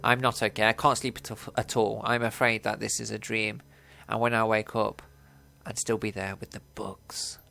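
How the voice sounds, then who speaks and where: A man reads out a haunted young elf woman from a game, tense and bitter. Her voice stays low and gravelly. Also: flat delivery, normal speed, sharp tone. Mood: frightened.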